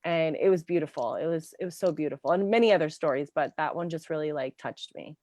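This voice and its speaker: A woman career coach talking with a fairly low voice, animated and full of "like" and "um" fillers. The sound is close and dry, with no room echo. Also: quick pace. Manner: animated storyteller, many fillers like "like" and "um". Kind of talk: casual interview chat.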